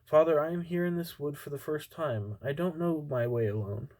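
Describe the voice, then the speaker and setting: A man's voice: a little high, moderate pace, a little mellow, lightly acted. A man voicing a stubborn, clever young woodcutter's son, read plainly with stumbles and restarts. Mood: assured.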